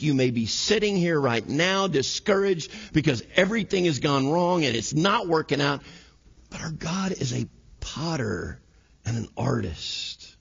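A man preaching to his congregation, his voice swinging up and down as he plays out little scenes. His tone is husky and sits a touch high. The recording sounds a little dull. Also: unhurried. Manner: animated, acts out scenes in quoted voices. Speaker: pastor. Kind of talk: sermon. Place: church sanctuary.

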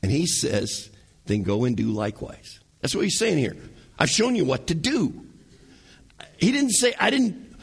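A man preaching a sermon as pastor, animated, asking the congregation rhetorical questions and using sarcasm. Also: sits high, a little slow, gravelly, slightly rough.

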